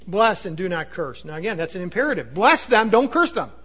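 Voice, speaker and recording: A man preaching a sermon, earnest and emphatic, sometimes dropping to a low hush. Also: very animated, fairly quick, breathy edge. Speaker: pastor.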